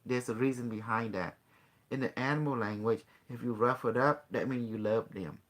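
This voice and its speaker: A man's voice: medium pitch, steady tone, normal speed, a bit bright. A man hosting a call-in show, talking casually in a rambling, boastful way. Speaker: show host.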